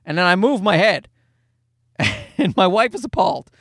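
A man's voice: high voice, lively intonation, moderate pace, a bit bright, no room sound, studio quality. A man, a father, casually telling a rambling, self-mocking anecdote in a jokey monologue.

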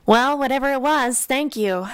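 A woman's voice: high-pitched, moderate pace, fairly bright tone, clear, resonant tone, pitched above the performer's own voice. A woman reading aloud, voicing a charming, talkative young man who keeps asking prying questions. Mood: eager.

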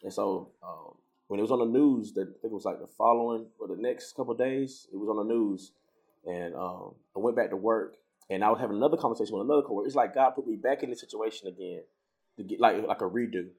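Animated low-voiced man telling a story. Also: quick pace, vocal fry. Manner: storytelling, animated when quoting others. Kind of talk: casual faith conversation.

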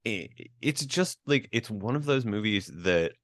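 This podcast co-host's voice sits on the low side, with lively intonation and a fairly bright tone, and he takes his time. He chats informally about a film, stumbling through fillers and restarts, in a clean studio recording with no room sound.

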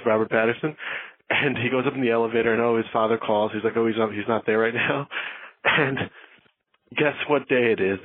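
A podcast host leaving a casual, chatty phone message. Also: male voice, mid-range voice, slightly rough, no room sound. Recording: tinny phone line.

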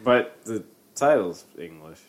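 A man co-hosting a podcast, casually chatting and playfully reading posts aloud in drawn-out mock tones. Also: fairly low pitch, lively intonation. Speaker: podcast co-host.

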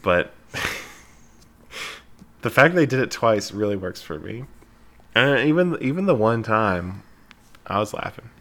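Low gravelly man hosting a chat. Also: slow pace, long pauses. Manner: relaxed, with fillers and laughs. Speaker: podcast host. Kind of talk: casual podcast chat, recapping a movie.

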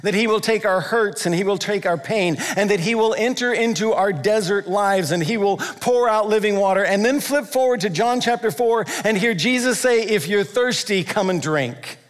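A man preaching a sermon, emphatic and repetitive, slowing down to stress key phrases. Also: high-pitched. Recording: long hall reverb.

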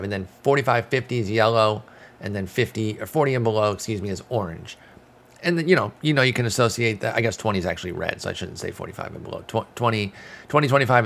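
A man's voice: fairly low pitch, gravelly, slight background noise. A man hosting a casual fantasy baseball talk, rambling and correcting himself as he reads out stats. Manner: rambling, self-correcting, frequent fillers. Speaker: fantasy baseball podcast host. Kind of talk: casual analytical chat.

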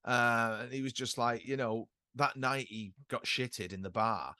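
A middle-aged man co-hosting a casual chat, rambling through anecdotes with swearing and quick impressions. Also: medium pitch, pushed and bright, smooth, no room sound, clean studio sound. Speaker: podcast co-host.

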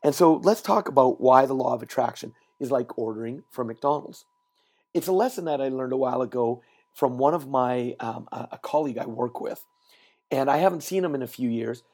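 A man who is both a podcast host and a trainer records a solo motivational episode while traveling. At medium pitch and a brisk pace, he tells stories with animation and repeats words for emphasis.

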